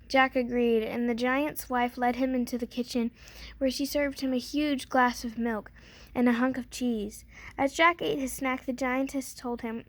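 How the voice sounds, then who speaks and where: A woman reading a fairy tale aloud in a gentle storybook manner. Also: high voice, steady tone, moderate pace, no room sound.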